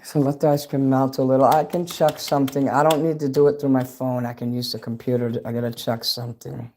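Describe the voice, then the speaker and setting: A man's voice: mid-range voice, little pitch movement, brisk, darkish tone, a little hiss or hum. A man chatting loosely with his viewers on a livestream, rambling and swearing. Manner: rambling and profane, talks straight to chat. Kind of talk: casual livestream chat with viewers. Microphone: phone.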